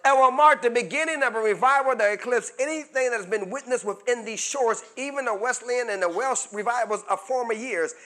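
High, bright-voiced preaching pastor. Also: male voice. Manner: call-and-response preaching, asks the congregation to answer; builds to shouting fervor. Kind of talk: sermon.

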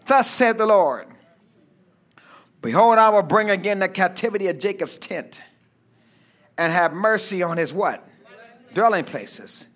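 A man pastor preaching a fervent sermon, reading scripture and calling for amens from the congregation, often shouting. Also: high voice, expressive, measured pace, long pauses, some chatter behind. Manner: reads scripture aloud, then explains it.

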